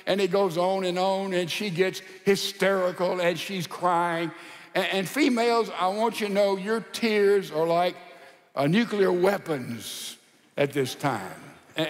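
A male pastor preaching a sermon in a folksy, animated storytelling style with rhetorical asides. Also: sits high, big-room sound.

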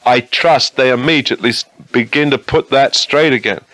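A man's voice: medium pitch, moderate pace, a bit bright, no echo, poor audio. A man preaching a sermon in an earnest, conversational way, often asking his listeners questions.

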